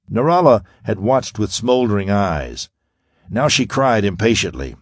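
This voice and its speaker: A man narrating a pulp science-fiction audiobook with expressive storytelling. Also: on the low side, normal speed, no echo, studio quality. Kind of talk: scripted pulp sci-fi narration.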